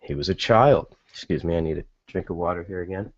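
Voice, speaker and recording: Man, low voice, casual monologue, exasperated rhetorical questions, dull dry recording. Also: brisk, no echo. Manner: casual, many fillers. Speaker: podcast host. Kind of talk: opinion monologue.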